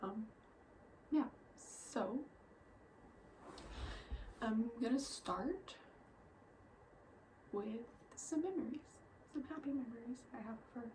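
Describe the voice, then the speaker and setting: A young woman telling personal stories in a vlog, soft-spoken and halting, often dropping to near a whisper, emotional. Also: a little high, slight background noise, poor audio. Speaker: vlogger.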